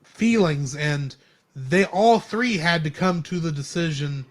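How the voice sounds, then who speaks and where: A man co-hosting a live stream, chatting casually about a movie in an animated, rambling way with lots of restarts. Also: fairly high pitch, measured pace. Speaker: podcast co-host. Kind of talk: casual film review chat.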